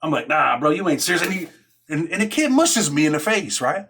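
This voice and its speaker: There's slight background noise as a middle-aged Rochester, New York man, his voice a little high, bright and forceful, tells a prison story with great animation and a brisk pace. The casual podcast monologue runs on street slang, constant "man" and "right?", and acted-out dialogue.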